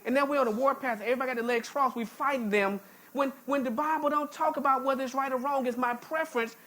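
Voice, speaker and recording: Woman pastor, sermon, fairly high voice, repeats and restarts, folksy and emphatic. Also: fairly even intonation, fast, a bit bright. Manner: folksy, informal speech with jokes. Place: church sanctuary.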